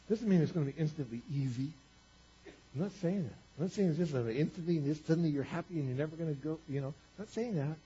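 A man preaching a sermon, moving from quiet earnest talk to booming exclamations. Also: fast talker, lo-fi sound, a little hiss or hum. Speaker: pastor.

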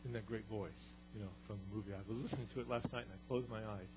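A man giving conversational Bible teaching, animated and storytelling, with rhetorical questions, on a slightly muffled recording with a faint hum. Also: lowish voice, rapid-fire.

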